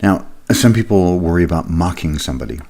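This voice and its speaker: Male trainer with a very deep voice, explaining things casually. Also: animated, fairly quick, a little mellow. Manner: conversational, explanatory, with fillers. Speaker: leadership trainer. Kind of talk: recorded leadership lesson.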